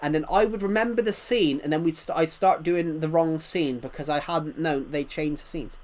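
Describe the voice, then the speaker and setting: A man's voice: on the high side, moderate pace. A man in his twenties with a thick rural British accent, chatting casually and rambling to his chat as a game streamer. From United Kingdom. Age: 20s.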